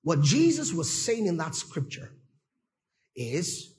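Man preaching, high voice, very animated pitch, emphatic, calls out praise. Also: slow pace, pauses often. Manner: emphatic preaching, frequent "praise the Lord", checks on listeners. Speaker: pastor. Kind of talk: sermon.

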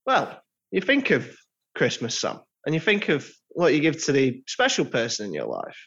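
A man's voice: mid-range voice, wildly swooping pitch, moderate pace, creaky, a bit bright, husky. A man co-hosting a casual podcast with dry, mock-formal humour. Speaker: podcast co-host. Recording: dull lo-fi sound.

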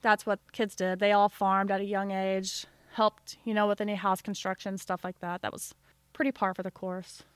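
A woman's voice: mid-range voice, flat delivery, moderate pace, clear, resonant tone, no echo. A woman from a small town co-hosting a casual podcast chat, wry, swearing casually and acting out quotes in her stories.

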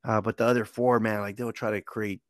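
A man in his twenties hosting a casual chat, telling stories in a relaxed way and laughing easily. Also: lowish voice, fast, no echo, clean studio sound.

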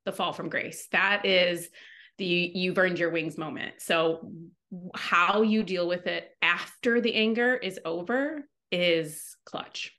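A woman's voice: fairly low pitch, slow, sharp tone. A woman co-hosting a wellness podcast, talking frankly and emotionally about bad days and often acting out her own past words. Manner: frank and emotional, quoting herself dramatically. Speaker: podcast co-host. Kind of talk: candid wellness podcast chat.

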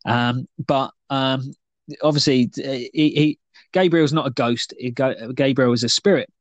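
A man's voice: medium pitch, unhurried, dry recording. Rambling, jokey male podcast host. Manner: rambling, playful, with many fillers. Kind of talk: casual chat.

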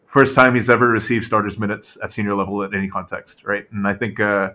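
Chatty man, bright forceful tone. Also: fairly low pitch, fast. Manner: animated, full of "right?" tag questions and fillers. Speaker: podcast co-host. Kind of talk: casual sports podcast chat.

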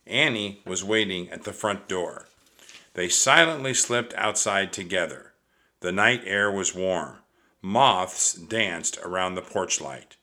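Male audiobook narrator, measured and expressive, unhurried with a bright tone. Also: low-pitched.

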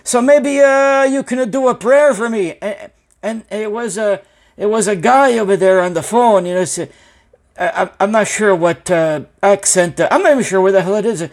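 A man's voice: sits high, normal speed. A man voicing an anxious, rambling male business owner who speaks broken English and swears a lot.

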